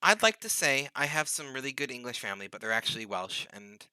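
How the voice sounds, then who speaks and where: A man's voice: medium pitch, big pitch swings, fast, bright, forceful tone, clear, resonant tone, no room sound, poor audio. A man hosting a live gaming stream, telling rambling, chatty stories while he plays. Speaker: streamer host. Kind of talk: casual gaming chat.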